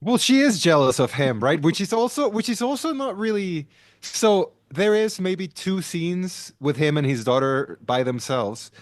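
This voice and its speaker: A man's voice: high-pitched, lively intonation, measured pace, no echo, clean studio sound. A man in casual podcast chat, ranting animatedly about a film and often restarting his sentences.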